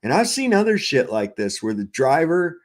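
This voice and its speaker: A man's voice: a little high, big pitch swings, moderate pace. A man hosting a livestream, talking casually and profanely over clips, often restarting and trailing off. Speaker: livestream host.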